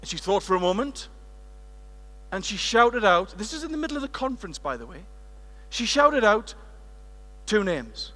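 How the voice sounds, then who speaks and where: A British man from the United Kingdom giving a lively, playful keynote on stage in a large conference hall, working the crowd as he tells a story. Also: high-pitched, normal speed. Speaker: keynote speaker.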